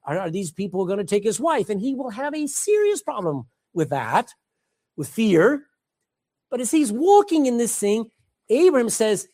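Animated preacher man delivering a sermon. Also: sits high, normal speed. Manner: emphatic, calls out to the congregation. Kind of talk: sermon with scripture reading.

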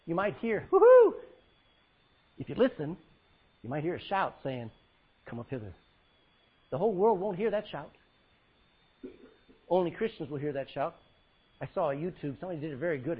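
A male pastor preaching a sermon, swinging between loud cries and hushed words as he quotes scripture in old-fashioned style. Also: a little high, breathy edge, narrow, tinny audio.

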